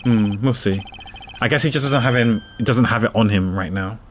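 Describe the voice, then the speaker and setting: A man's voice: lowish voice, moderate pace. A man streaming a game, chatting casually with his viewers and thinking aloud as he plays. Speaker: gaming streamer. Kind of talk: casual gameplay commentary.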